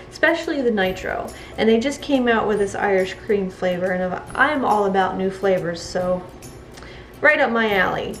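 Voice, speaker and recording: A woman's voice: a little high, echoey room, poor audio. A woman chatting casually while making soap, laughing often as she talks. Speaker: soap maker. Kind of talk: casual crafting narration.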